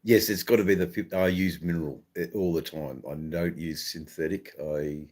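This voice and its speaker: A middle-aged Australian man with an Australian accent, hosting a relaxed, rambling live stream and chatting with viewers, with many ums and restarts. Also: sits low, moderate pace. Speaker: livestream host. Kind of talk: casual live-stream chat, reading viewer comments.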